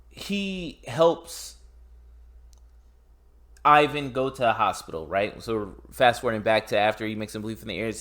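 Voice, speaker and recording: Male podcast co-host, casual and profane, animated film recap. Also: mid-range voice.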